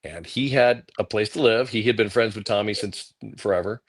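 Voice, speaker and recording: A man's voice: fairly low pitch, normal speed. A middle-aged man, a guest comic artist, telling casual stories on a livecast and acting out quoted voices. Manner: animated anecdotes, acting out quotes.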